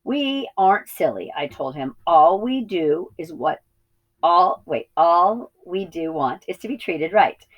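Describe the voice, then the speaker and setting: A hoarse old ewe with a croaky, rustic voice, bossy yet kindly, pitched higher than the reader's own low tone, as a woman puts her on. Storybook reading. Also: lively intonation, unhurried, dull audio. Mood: gruff.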